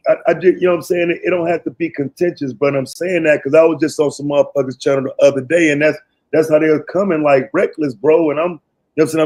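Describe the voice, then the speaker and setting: A man hosting a live stream debate, laid-back and slangy, using lots of fillers while trying to calm things down. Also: fairly high pitch, rough recording. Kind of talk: casual debate moderating.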